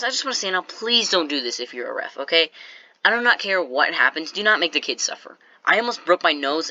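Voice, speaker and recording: A man's voice: medium pitch, sharp tone, dry recording. A teenage boy telling a story straight to his viewers, rambling with lots of "like"s and restarts. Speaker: vlogger. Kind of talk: casual storytelling to camera. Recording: slightly dull lo-fi recording.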